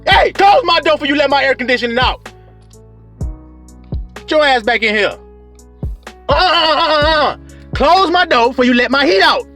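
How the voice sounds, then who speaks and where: Man doing a scolding parent, bossy, high pitched, lively swings. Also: moderate pace, long pauses, soft background music, exaggerated voice. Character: scolding parent calling a child indoors.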